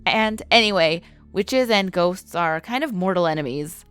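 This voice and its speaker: Give me a brash, shouting teenage girl who adores Halloween, put on by a woman reading a story, with faint music behind. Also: lowish voice, animated, moderate pace, smooth, dry recording. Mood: brash teasing. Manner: shouty and teasing.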